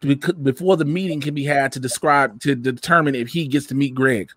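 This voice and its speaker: A young adult man hosting a casual podcast chat, animated and profane, breaking into shouted mocking quotes. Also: medium pitch, brisk, dry recording. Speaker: podcast host.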